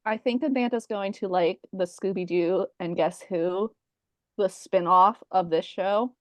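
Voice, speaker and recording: A woman's voice: mid-range voice, a little slow, dry recording. A woman co-hosting a casual podcast, chiming in with dry, brief remarks. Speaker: podcast co-host. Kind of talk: casual chat.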